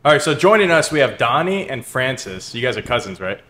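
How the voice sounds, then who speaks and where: A man co-hosting a podcast from a cigar lounge, talking in a relaxed, chatty way with loose restarts. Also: medium pitch, brisk, slight background noise. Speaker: podcast co-host. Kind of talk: casual podcast chat.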